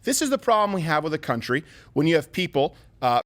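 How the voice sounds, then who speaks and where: A man giving political commentary on a panel, lecturing slowly and emphatically. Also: fairly high pitch, big pitch swings, a bit bright. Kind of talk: opinion commentary in a played clip.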